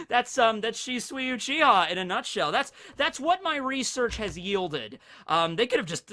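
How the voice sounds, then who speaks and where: A man hosting a casual anime discussion, excitable and rambling with many fillers. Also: extremely high pitch, moderate pace, hardly any pauses. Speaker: anime channel host.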